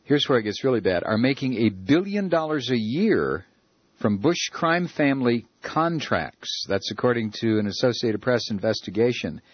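A man's voice: mid-range voice, lively intonation, moderate pace, breathy edge, dry recording, highs cut off. A man hosting a talk radio show, ranting sarcastically and rambling with many fillers. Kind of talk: opinionated talk radio monologue.

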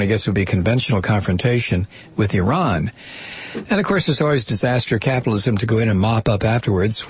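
A man with a husky, slightly rough voice reads through news reports, stumbling over fillers as he goes. He keeps breaking off into sardonic commentary. The recording is dry and close, with no room sound. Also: medium pitch, no echo. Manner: reads reports aloud, then breaks off into scornful remarks; hesitant, with frequent fillers.

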